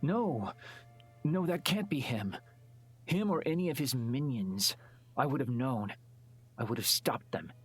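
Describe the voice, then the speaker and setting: A man voicing a nervous young male demon in a visual novel, speaking quietly and hesitantly. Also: on the low side, a little slow, faint music behind. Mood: distraught. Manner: quiet and hesitant, then pleading. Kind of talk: voiced visual novel dialogue.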